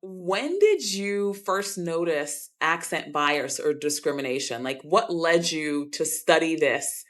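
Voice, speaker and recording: A woman's voice: low-pitched, expressive, slow pace, few pauses, a bit bright. A woman hosting a podcast interview, affirming and conversational as she asks her guest questions. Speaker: podcast host.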